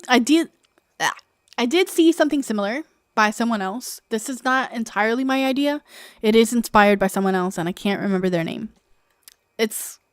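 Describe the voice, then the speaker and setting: A woman's voice: fairly high pitch, fairly bright tone, dry recording, studio quality. A young adult woman streaming a game, chatting casually, rambling and laughing as she gets sidetracked. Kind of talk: casual gameplay stream chat.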